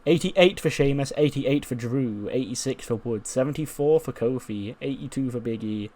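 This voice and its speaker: A man hosting a gaming video, recapping events in an animated, casual way with lots of fillers. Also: medium pitch, normal speed. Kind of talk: casual game commentary.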